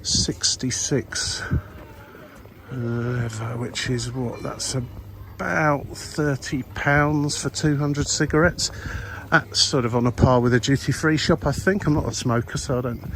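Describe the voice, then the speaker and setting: An older man narrates a walk through old streets, his voice husky from a cold. He rambles wryly with lots of uhs. Clear street noise sits behind him outdoors. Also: mid-range voice, fairly even intonation, takes it slowly, fairly bright tone. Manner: rambling, wry, many ums and uhs. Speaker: vlogger. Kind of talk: walking tour commentary.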